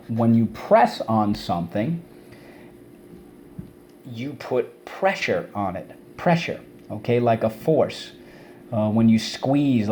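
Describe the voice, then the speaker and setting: A male teacher giving an online vocabulary lesson to kids, energetic and repeating words and syllables for students to say back. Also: medium pitch, slight background noise.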